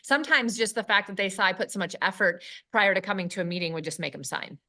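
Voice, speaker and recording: A woman's voice: medium pitch, fast, bright, forceful tone. A woman sharing her experience as a real estate agent in a chatty, rambling way on a video call. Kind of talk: casual chat.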